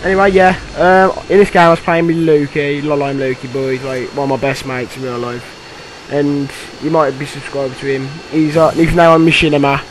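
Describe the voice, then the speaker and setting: Young guy rambling over his gameplay, lotsa ums, slightly high voice, bit of hiss. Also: normal speed, low-quality recording. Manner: rambling, filler-heavy, bursts of excitement. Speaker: gameplay commentator. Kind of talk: casual game commentary.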